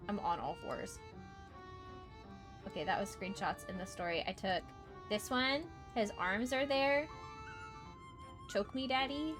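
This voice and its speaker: A woman talks casually to her stream, rambling and repeating lines, then jumping into sudden high, excited squeals. Her voice sits at a middling pitch. Game music with a clear violin line plays behind her throughout. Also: a little slow, long pauses. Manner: chatty, excitable, repeats herself, bursts into squeals. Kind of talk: casual gameplay livestream chat.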